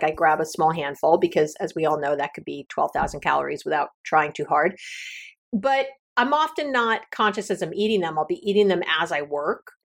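A middle-aged woman talks to her listeners on a solo podcast with a coach's candor. Her delivery is chatty and unscripted, with easy laughs and sudden upward leaps in pitch when she stresses a point. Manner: candid, chatty, laughs often, swings up in pitch for emphasis. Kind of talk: casual solo podcast talk.

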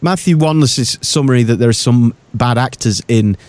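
A man co-hosting a podcast, chatting casually and animatedly about TV shows, jumping between thoughts with quick asides. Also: medium pitch, a little mellow, dry recording. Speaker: podcast co-host.

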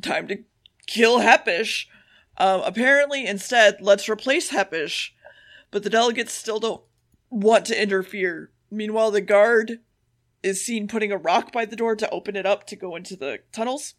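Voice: mid-range voice, a bit bright. Profane, offhand podcast recapper. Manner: profane, offhand retelling with quick quoted voices. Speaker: podcast co-host. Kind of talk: casual episode recap.

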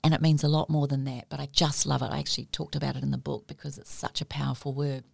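A woman, chatting on a podcast as a guest and telling lively stories full of acted-out dialogue. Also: extremely low pitch, quick pace, gravelly, husky, dry recording. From New Zealand. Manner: lively storyteller, acts out quoted dialogue. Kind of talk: casual podcast chat.

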